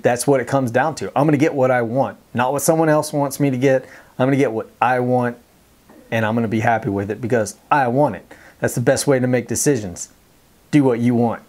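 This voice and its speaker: Man, Texan accent, casual vlog talk, mid pitch, rambling with restarts. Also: a little mellow. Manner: rambling, many ums and restarts; plainspoken, determined. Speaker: fishing vlogger.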